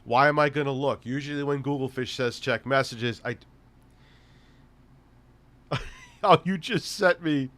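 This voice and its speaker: A man hosting a live stream, telling a story in casual chat with heavy swearing and an animated, laughing delivery. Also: mid-range voice, a little slow, pauses often.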